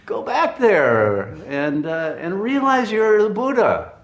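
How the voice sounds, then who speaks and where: A man voicing a gruff old Zen master who scolds his student with amused, exclamatory outbursts. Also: high voice, sing-song, takes it slowly, reverberant, dull audio, voice pushed up, full character voice. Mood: amused scolding.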